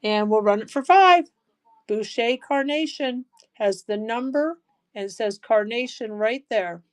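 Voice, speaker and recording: A woman hosting a live-stream jewelry auction, chatty and excitable, gushing over each piece. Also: a little high, unhurried. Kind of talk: live auction selling chat.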